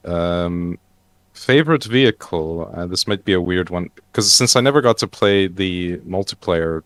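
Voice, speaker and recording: A man's voice: deep voice, normal speed, fairly bright tone, no room sound. A man chatting casually on an online roundtable, hesitating often with fillers and restarts. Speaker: roundtable panelist.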